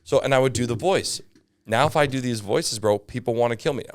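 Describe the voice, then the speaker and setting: A man's voice: medium pitch, brisk, no room sound. A Canadian man, a comedian and podcast guest, telling stories in a casual chat full of asides and fillers. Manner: animated storyteller, lots of fillers and asides.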